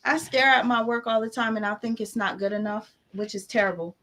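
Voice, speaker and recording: A woman's voice: on the high side, fairly quick, fairly bright tone, slight background noise. A young woman, chatting casually and emphatically on a livestream as an artist, with motivational asides.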